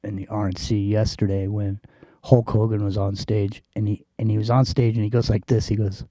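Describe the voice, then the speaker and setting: A man's voice: on the low side, little pitch movement, brisk, warm tone, dry recording. A man hosting a talk radio show, chatting in a laid-back, drawling way. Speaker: radio host. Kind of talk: casual talk radio chat.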